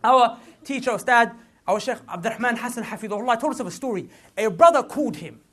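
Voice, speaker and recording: Man, high voice, very lively pitch, preaching, repeats points, street slang. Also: quick pace. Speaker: Islamic preacher. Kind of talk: lively religious lecture to a young audience.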